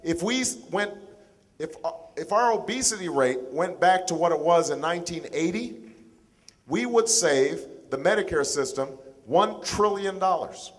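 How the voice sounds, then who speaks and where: A man in his forties giving a town hall speech, measured and deliberate, pausing and restarting as he builds each point. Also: sits high, animated. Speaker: political candidate.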